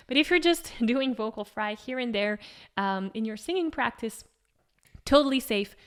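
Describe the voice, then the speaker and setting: A woman's voice: fairly high pitch, animated, moderate pace, clear, resonant tone. A woman singing teacher giving an encouraging vocal lesson and demonstrating exercises.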